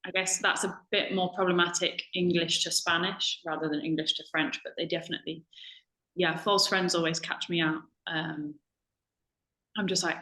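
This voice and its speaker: Young woman, lowish voice, chatty webinar guest on a video call, roomy echo. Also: steady tone, normal speed, bright, forceful tone. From United Kingdom. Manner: chatty, many ums and self-corrections. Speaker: language assistant. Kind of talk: casual webinar chat.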